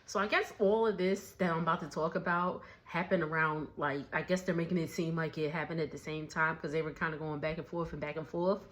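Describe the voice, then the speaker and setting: A woman's voice: low-pitched, steady tone, a little fast, hardly any pauses, fairly bright tone. Chatty young woman recapping at home. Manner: chatty, laughing often, slangy. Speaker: recap vlogger. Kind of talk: casual recap chat. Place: home kitchen dining area.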